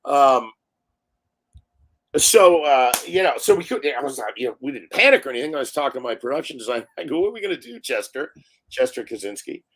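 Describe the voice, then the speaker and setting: Brief: male guest, storyteller, lively quoted voices, frequent laughter, average pitch. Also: brisk. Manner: animated storyteller acting out quotes, laughs often. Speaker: film director guest. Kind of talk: storytelling in a live interview. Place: live online stream.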